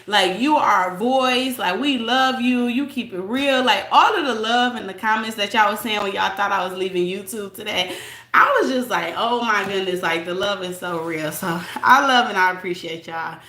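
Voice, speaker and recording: Bright, blunt woman live-streaming. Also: medium pitch, moderate pace, reverberant. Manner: chatty and blunt, talks straight to viewers. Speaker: livestream host reading chat. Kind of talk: casual live-stream chat and gossip commentary.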